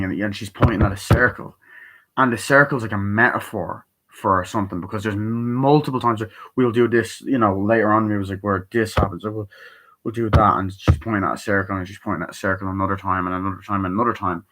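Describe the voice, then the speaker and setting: A young man giving a casual, excitable film review, swearing often and acting out scenes in raised voices. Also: fairly low pitch, moderate pace, poor audio. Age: young adult. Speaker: movie reviewer.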